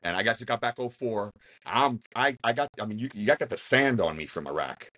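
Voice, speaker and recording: Fast-talking husky-voiced male host. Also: on the low side. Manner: quick, lively, repeats words in starts. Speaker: podcast host, veteran. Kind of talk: casual interview chat.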